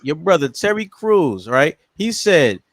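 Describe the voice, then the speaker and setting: A man's voice: fairly high pitch, very animated, measured pace, dry recording. A man hosting a casual comedic chat show, joking loosely and reading viewer comments aloud. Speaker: podcast host.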